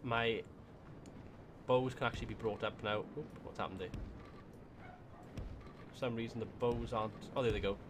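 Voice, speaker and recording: A man's voice: mid-range voice, steady tone, normal speed, pauses often, background noise. A man with a Welsh accent giving casual gameplay commentary, thinking aloud as he plays. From Wales. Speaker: gaming YouTuber.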